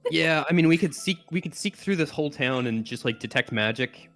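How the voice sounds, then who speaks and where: A man's voice: fairly high pitch, animated, a little fast, a bit bright. Rambling man playing a tabletop game. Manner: rambling, lots of likes and restarts. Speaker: player. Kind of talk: casual tabletop play.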